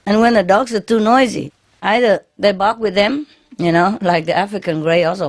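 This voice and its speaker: A woman's voice: mid-range voice, fairly quick, slight background noise. A woman giving an informal spiritual talk to her followers, chatty and laughing often, tagging her phrases with "yeah?" and speaking English as a second language with many fillers and restarts. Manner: non-native English grammar, frequent fillers and restarts. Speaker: spiritual teacher.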